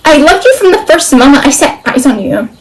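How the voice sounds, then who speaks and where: A woman's voice: high voice, sing-song, normal speed, a little hiss or hum. A woman reading a lovestruck, pleading countess.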